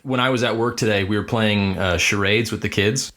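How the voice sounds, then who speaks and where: A young man co-hosting a podcast, telling stories in a lively, casual way, swearing and mimicking kids. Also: lowish voice, brisk. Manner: animated storyteller, swears, acts out kids' voices. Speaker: podcast co-host. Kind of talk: casual chat.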